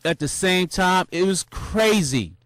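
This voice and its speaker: A young man casually recounting a marathon, animated and full of slang, jumping into high shouts when he acts out cheering crowds. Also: a little slow, no room sound, studio quality. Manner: loose, repetitive slang with many restarts. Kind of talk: casual storytelling monologue.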